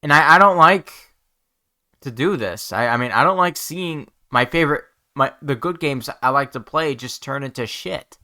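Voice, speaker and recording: A man talking to his viewers while holding back tears, halting and restarting his words, sighing often. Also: medium pitch, bright, forceful tone. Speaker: YouTuber. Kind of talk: emotional talk to camera.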